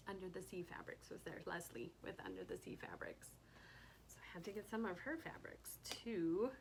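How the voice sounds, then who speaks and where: Casual vlogger woman, soft and gushing, slips into whispers, slightly gravelly tone. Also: mid-range voice, slight background noise, poor audio. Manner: gushing, soft-spoken, often drops to a whisper. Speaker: cross stitch vlogger. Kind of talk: casual haul chat.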